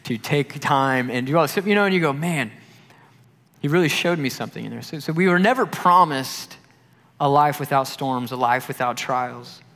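A young adult youth pastor preaches a sermon, telling a personal story in a mid-range voice at a moderate pace. He delivers it animatedly, acting out the voices of those he quotes, with long hall reverb.

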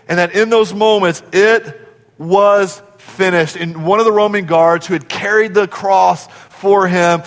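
High-voiced pastor preaching in a reverberant church. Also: male voice. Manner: dynamic, swinging from shouts to whispers; urges the congregation to respond. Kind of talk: sermon. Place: church sanctuary.

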